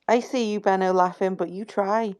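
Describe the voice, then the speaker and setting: A woman's voice: mid-range voice, steady tone, moderate pace, a little mellow, clean tone, dry recording, studio quality. A woman in a casual group voice chat, talking in a soothing, reassuring way and swearing freely.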